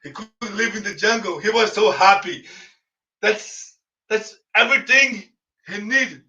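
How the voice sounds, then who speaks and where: Slow, high-voiced Brazilian storyteller man. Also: pushed and bright. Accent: Brazilian Portuguese. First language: Portuguese. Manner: emphatic, repeats phrases, addresses listeners as friends. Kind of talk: dramatic spoken storytelling. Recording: echoey, distant, dull lo-fi.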